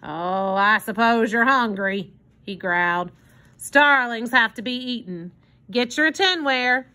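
A woman reading aloud as a grumpy, gruff old male tramp in a storybook. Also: fairly high pitch, slow, bright, forceful tone. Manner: gruff, grumbling.

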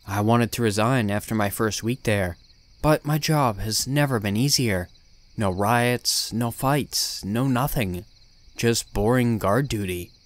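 A man's voice: lowish voice, a little slow. A man reading a first-person horror story in a blunt, swearing, tough-guy voice. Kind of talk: scripted horror narration.

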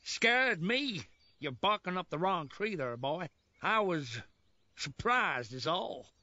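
A man's voice: sits high, very animated, slow pace, bright, forceful tone, no room sound, muffled recording, exaggerated voice. A man voicing a boastful, drawling old-west marshal in a cartoon, full of folksy cowboy slang. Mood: blustering. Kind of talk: cartoon voice acting.

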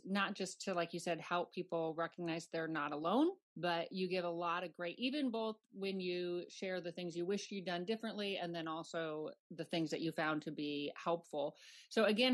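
A woman hosting a podcast interview, affirming her guest and reading a summary of the book. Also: lowish voice. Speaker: podcast host.

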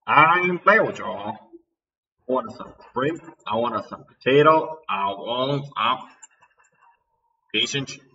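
A man's voice: mid-range voice, animated, slow, long pauses, sharp tone. A man voicing a brash, joking Southern US man with a put-on Alabama accent, on a muffled, distant recording.

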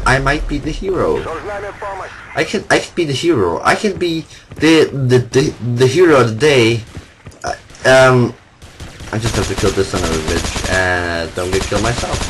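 A young man giving excitable, casual commentary while playing a shooter game, yelling and laughing often. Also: mid-range voice. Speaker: gameplay commentator. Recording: noisy game sounds behind. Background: game vehicle and battle noise.

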